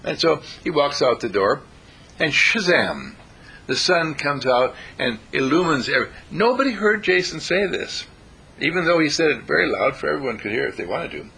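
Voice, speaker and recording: A man's voice: on the high side, moderate pace, gravelly, breathy edge. A man preaching a sermon, telling stories and acting out the characters in them. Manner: animated, acts out characters in the stories. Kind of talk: sermon with storytelling.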